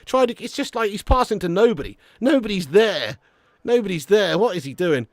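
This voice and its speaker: Watch-along host, high voice, dry close sound, excitable. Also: male voice, brisk, no echo. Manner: chatty, jokey, excitable. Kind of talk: live match commentary.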